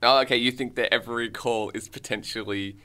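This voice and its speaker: A man's voice: mid-range voice, fairly even intonation, fairly quick, pushed and bright, clean tone. Dry teasing man co-host. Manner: dry teasing, picks at logic. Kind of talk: casual comedic chat.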